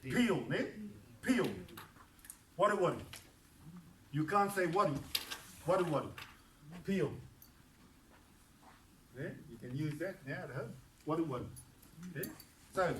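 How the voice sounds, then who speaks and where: A man's voice: high-pitched, expressive, a bit bright, slight background noise. Patient New man teaching a class. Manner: patient, repeats words slowly, switches between English and Māori. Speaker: te reo Māori teacher. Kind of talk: classroom language lesson. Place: church hall classroom. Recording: echoey room recorded from a distance.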